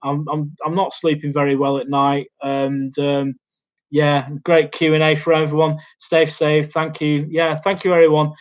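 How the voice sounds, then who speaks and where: A young man chatting through a live Q&A at his laptop in a small home studio. His voice sits fairly high for a man. He rambles and hesitates, with lots of ums and restarts along the way. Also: flat delivery, moderate pace, highs cut off. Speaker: YouTube host. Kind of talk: casual live Q&A chat. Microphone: laptop mic.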